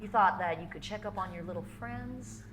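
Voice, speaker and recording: A man's voice: high voice, a little fast, noisy background, lightly acted. A woman voicing a menacing, arrogant man who sneers and talks down with contempt. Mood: sneering.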